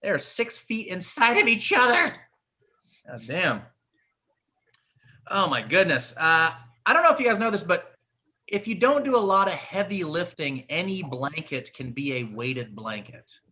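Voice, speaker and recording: Male comedian guest, lively animated delivery, crude self-mocking jokes. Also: a little high, measured pace. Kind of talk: stand-up bits on a live show.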